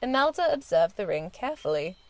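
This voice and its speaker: A woman reading a children's storybook aloud in a gentle, expressive storytelling manner. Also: medium pitch, fairly quick, dry recording.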